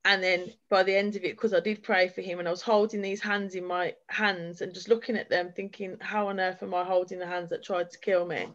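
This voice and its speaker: A woman's voice: lowish voice, level tone, fairly quick, few pauses, highs cut off. A woman giving an earnest, heartfelt personal testimony as a guest speaker at a forum, talking in long flowing runs. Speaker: guest speaker sharing her experience.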